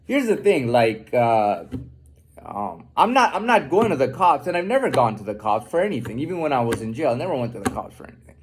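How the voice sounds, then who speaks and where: A man's voice: mid-range voice, very animated, a little fast, noisy background. A man delivering an unscripted, profane, defiant monologue rant, often repeating and restarting his words.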